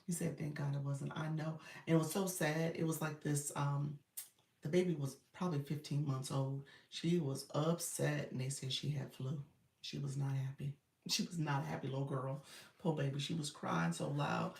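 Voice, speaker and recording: A woman's voice: low-pitched, fairly even intonation, moderate pace, vocal fry, darkish tone. A woman coach chatting casually on a live stream, loose and talkative with lots of fillers. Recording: roomy, distant phone audio.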